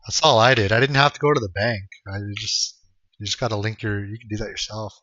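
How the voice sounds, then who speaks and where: Laid-back bright-voiced streamer guy. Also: on the low side, fast, no echo. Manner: laid-back, swears freely, chuckles while answering chat. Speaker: game streamer. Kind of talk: casual live-stream chat. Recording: dull lo-fi stream audio.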